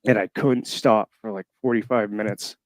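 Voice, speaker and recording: A man in his thirties from Florida, calling in to a show and haltingly telling a personal story full of fillers. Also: on the low side, steady tone, no echo. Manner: halting, emotional, many fillers. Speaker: caller. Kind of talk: casual storytelling. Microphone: call-in line.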